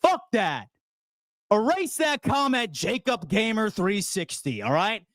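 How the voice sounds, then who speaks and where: A man hosts a sports fan show in a high voice that leaps up and down as he rants. He is loud, profane and fired up while answering chat. The sound is dry and close. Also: big pitch swings, takes it slowly, no echo. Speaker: sports channel host. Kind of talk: fan rant reading chat.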